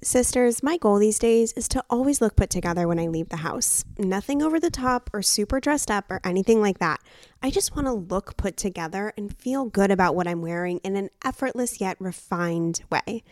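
A woman's voice: mid-range voice, expressive, moderate pace, darkish tone, no room sound. Young female co-host, upbeat scripted ad read, dry close mic. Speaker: podcast co-host.

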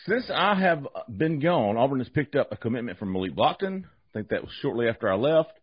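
A man's voice: medium pitch, sing-song, brisk, husky, no room sound. A man hosts a casual sports talk show, joking and rambling as he restarts his sentences. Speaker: podcast host. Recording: slightly muffled podcast audio.

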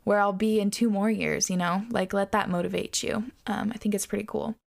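Young woman, podcast host, chatty solo talk, filler-heavy, vocal fry, mid pitch. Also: steady tone, a little fast. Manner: chatty, reflective, lots of "like".

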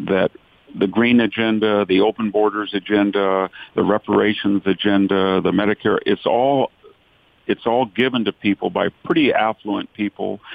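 Low gravelly guy calling in, tinny phone sound, dry, long opinionated answers. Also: no room sound. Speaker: guest commentator. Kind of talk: political commentary in a podcast interview. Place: speaking from a rural county in California.

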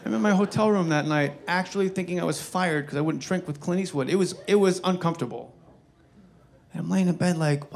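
A male stand-up comedian tells self-mocking stories onstage, animated and profane. His voice sits fairly high for a man. Faint crowd noise hangs behind him in the live room. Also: fast talker, gravelly. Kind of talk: stand-up storytelling. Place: stage before a live audience. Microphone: wearing a microphone.

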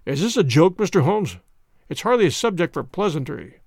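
A man's voice: a little high, very animated, brisk, darkish tone, no room sound, clean studio sound. A man doing a stern, stately old duke. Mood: alarmed. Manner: stately, curt and commanding. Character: stern, proud older nobleman, a duke.

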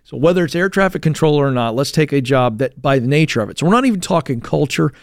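A man's voice: a little high, expressive, fast talker, dry recording. Man, radio co-host, casual talk, fillers and restarts, dry studio sound. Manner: conversational, frequent fillers and restarts.

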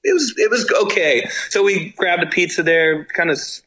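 A man's voice: high voice, expressive, normal speed, pushed and bright, poor audio. A man, a touring band musician telling road stories as a guest in a casual interview, rambling with lots of fillers and the odd swear. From Germany.

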